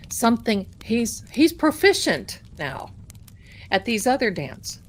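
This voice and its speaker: A woman talks from her desk at home on a livestream, her slightly high voice swinging widely up and down as she spins a funny personal story. She takes her time over each line. A faint hum of room ambience sits behind her. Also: unhurried. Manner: chatty, animated, laughing at her own story. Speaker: tarot livestream host. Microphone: desk mic at home.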